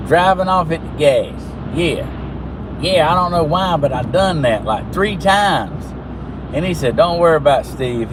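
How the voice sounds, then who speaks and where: A man with a Southern Georgia accent, telling rambling laid-back country stories as a vlogger while driving around in his car. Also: a little high. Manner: laid-back, chuckling, drawling country talk. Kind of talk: rambling casual storytelling. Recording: car and road noise behind.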